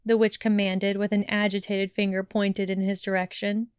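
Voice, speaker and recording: Female audiobook narrator, even and measured, smooth clean dry read. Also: medium pitch, no echo. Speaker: audiobook reader. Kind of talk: fan fiction audiobook narration.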